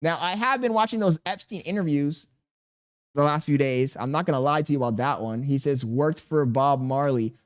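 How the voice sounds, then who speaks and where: A man's voice: on the high side, moderate pace. A man live streaming, reading his chat aloud and bantering back in profane, slangy talk. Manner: slangy and animated.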